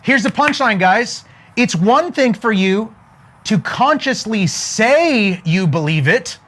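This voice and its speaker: High-voiced emphatic motivational speaker. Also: male voice, animated, slow, a bit bright. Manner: emphatic, with frequent "okay?" check-ins; storytelling, building to a punchline. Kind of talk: motivational talk to an online audience.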